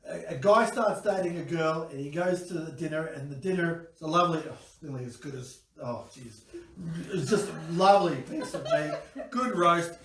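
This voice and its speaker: Male guest, high voice, lively anecdote teller, picked up from across the room. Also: moderate pace, slight background noise. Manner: storytelling with acted voices and chuckles. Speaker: guest expert. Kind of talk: animated anecdote at a dinner table. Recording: roomy sound from a distant mic.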